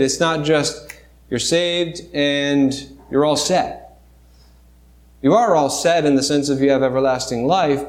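A man preaching a sermon in a church sanctuary, his voice sitting a little high for a man. He talks through scripture in a conversational way, breaking off and restarting, and asks the congregation rhetorical questions. The room is echoey. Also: a little mellow. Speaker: pastor.

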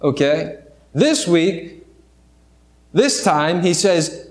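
A man's voice: on the high side, expressive, unhurried, roomy sound. A man preaching a sermon in a church, talking through scripture in a conversational way with restarts and rhetorical questions. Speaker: pastor. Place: church sanctuary.

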